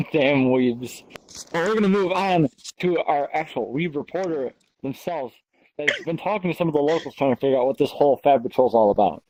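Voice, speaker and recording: A man's voice: fairly high pitch, expressive, normal speed, poor audio. Man clowning as a news anchor. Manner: jokey anchor patter, stumbling restarts. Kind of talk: comedic improv, mock newscast.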